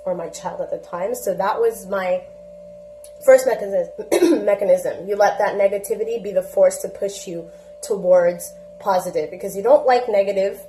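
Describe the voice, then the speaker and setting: Mellow-voiced young woman telling stories. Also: medium pitch. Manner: storytelling, acts out dialogue. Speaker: organization president giving advice. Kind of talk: casual monologue to camera. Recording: roomy echo.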